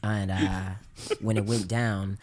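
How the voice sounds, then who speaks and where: A male guest in a casual podcast chat, talking in a laid-back, smooth way. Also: on the low side, little pitch movement, takes it slowly, darkish tone, slight background noise.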